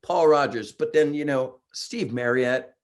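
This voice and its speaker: A man in his sixties, a singer guesting on a podcast, telling excited stories in casual chat and laughing often. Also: mid-range voice, a little slow. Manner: excitable storyteller, laughs often, acts out quotes.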